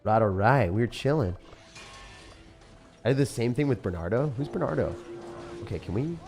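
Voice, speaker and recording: A man chatting excitedly while live-streaming a mobile game, often laughing and talking to his viewers. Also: medium pitch, moderate pace, faint music behind. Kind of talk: live-stream gameplay chat.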